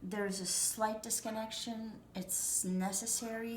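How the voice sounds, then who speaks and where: A woman talks through a tarot reading in a loose, reassuring way, full of fillers and restarts. Her voice sits at an ordinary middle pitch. The room is echoey, with a faint background hiss. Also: normal speed, hardly any pauses. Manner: chatty and reassuring, rambling with many fillers and restarts. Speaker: tarot reader. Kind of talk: casual spoken tarot reading. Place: at home.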